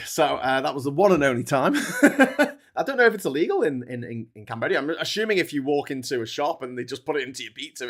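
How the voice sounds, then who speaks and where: A man's voice: mid-range voice, fairly bright tone. A man hosting a livestream, telling a rambling travel story in a chatty way. He often breaks off mid-sentence and laughs at his own story. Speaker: livestream host.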